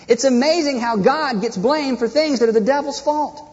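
A man's voice: very high voice, moderate pace, a little mellow. A man preaching a sermon as pastor, impassioned and rhetorical, acting out people's prayers. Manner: impassioned, rhetorical, acts out prayers in mocking voices. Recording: dull echoey hall.

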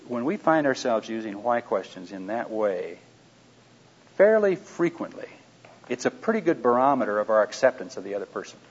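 Man, seminar speaker, live audience, conversational, rhetorical questions, quiet asides, lo-fi recording. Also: medium pitch, breathy edge. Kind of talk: anecdotal teaching to a live audience. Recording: dull lo-fi recording.

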